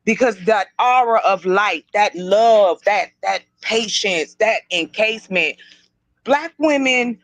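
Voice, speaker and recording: A woman's voice: medium pitch, expressive, takes it slowly, dry recording, low-quality recording. A woman co-hosting a podcast discussion, talking in an earnest, questioning way. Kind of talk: casual discussion.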